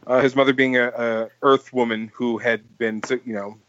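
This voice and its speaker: A man's voice: mid-range voice, flat delivery, normal speed, a bit bright, lo-fi sound, a little hiss or hum. A man hosting a casual podcast chat, telling long stories with lots of fillers and restarts. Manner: rambling, full of "like" and restarts, laughs while telling stories. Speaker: podcast host.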